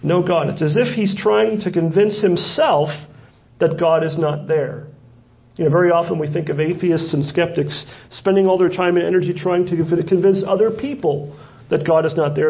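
A man preaching a sermon who asks rhetorical questions and slows down to stress scripture verses. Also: fairly high pitch, gravelly, lo-fi sound. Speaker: pastor.

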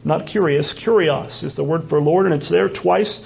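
A man's voice: on the high side, normal speed, gravelly. A man preaching a sermon as pastor, teaching through a passage, repeating phrases and asking rhetorical questions. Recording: dull lo-fi sermon recording.

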